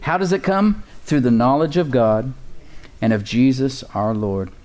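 A man's voice: medium pitch, a little slow, a little mellow. Male pastor, sermon delivery, call-and-response, chuckling.

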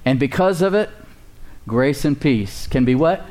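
A man's voice: medium pitch, expressive, unhurried, darkish tone. Man preaching with call-and-response. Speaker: pastor. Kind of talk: sermon.

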